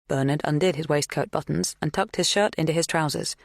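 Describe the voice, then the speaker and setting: A woman's voice: sits low, fairly quick, no echo. Woman narrating an audiobook, dry and close. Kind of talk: scripted narration.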